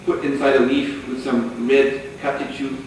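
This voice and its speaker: A man giving a lecture, telling a sacred story as an animated storyteller who often chuckles. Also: mid-range voice, measured pace. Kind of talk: storytelling sermon. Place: lecture hall. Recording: echoey hall, distant mic, faint noise.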